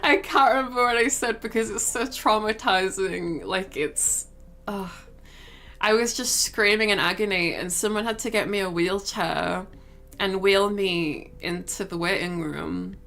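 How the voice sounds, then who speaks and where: A woman's voice: mid-range voice, measured pace, a bit bright. A young woman livestreamer telling a story in a casual, rambling way, full of fillers and giggles. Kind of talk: casual storytelling to a stream chat.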